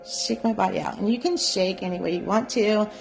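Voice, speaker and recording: A woman teaching a live psychic development class, guiding listeners gently and often checking in with "right?". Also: mid-range voice, brisk, gravelly, over music. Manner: gentle, coaxing, repeats "right?". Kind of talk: guided live class instruction.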